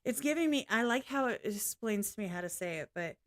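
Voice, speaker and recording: A woman's voice: mid-range voice, animated, fairly quick. A woman vlogging in a casual, rambling way, apologizing often and swearing now and then. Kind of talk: casual reaction vlog chat.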